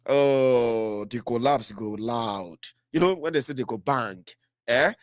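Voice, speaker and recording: A man's voice: medium pitch, takes it slowly, no room sound, studio quality. A man with a Nigerian accent giving heated political commentary, fiery and mocking, slipping into Pidgin.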